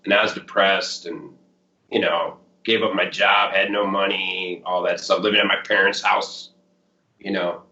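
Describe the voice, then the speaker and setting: A man's voice: low-pitched, level tone, normal speed, sharp tone. A man in his fifties with a Chicago accent, a blues musician telling his story in a casual interview, rambling with lots of "like" and "you know". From Chicago area. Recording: roomy, dull lo-fi sound.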